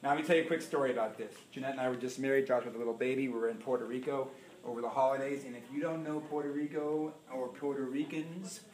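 A middle-aged man preaching a sermon as pastor, telling stories with big swings between loud and hushed. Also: medium pitch, fairly even intonation, fast talker, a little hiss or hum. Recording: echoey room.

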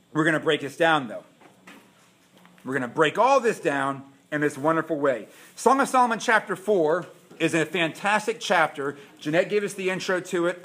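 A male pastor preaching, emphatic and repeating his points while questioning his listeners. His voice sits high for a man. The church adds a clear, roomy echo. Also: a bit bright. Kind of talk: sermon. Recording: echoey room.

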